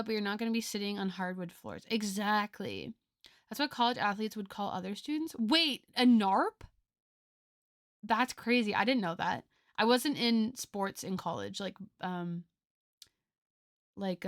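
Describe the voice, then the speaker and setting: A woman's voice: mid-range voice, no room sound, studio quality. A woman in her twenties chatting casually with viewers as a streamer, chatty with lots of fillers. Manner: chatty, lively, filler-heavy.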